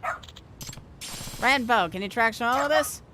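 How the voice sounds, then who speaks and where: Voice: medium pitch, a little slow, noisy background. A streamer casually reading video game dialogue aloud, with wry asides.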